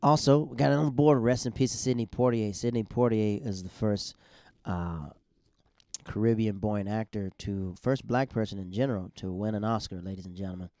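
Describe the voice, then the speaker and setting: A man's voice: lowish voice, fairly even intonation, brisk, warm tone, no room sound, studio quality. A man, a stand-up comedian, hosting a podcast in a loose, chatty monologue full of restarts.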